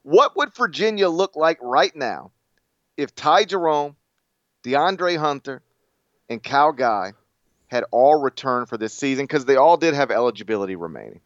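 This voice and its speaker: An American man co-hosting a casual sports podcast, joking and laughing as he talks, with lots of quick restarts. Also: medium pitch, animated, no room sound, lo-fi sound. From United States. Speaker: podcast co-host.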